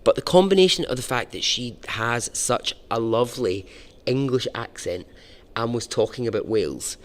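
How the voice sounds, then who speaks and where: A man's voice: medium pitch, animated, moderate pace. A man hosting a storytelling podcast, chatty and informal, with casual swearing. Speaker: podcast host.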